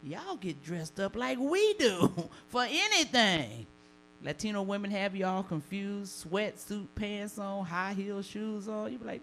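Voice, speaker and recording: A woman from the Deep South with a Southern accent, performing bawdy, animated live stand-up comedy and laughing at her own jokes. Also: a little slow, vocal fry, a little hiss or hum, rough recording. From Deep South of the United States. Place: comedy stage before a live audience.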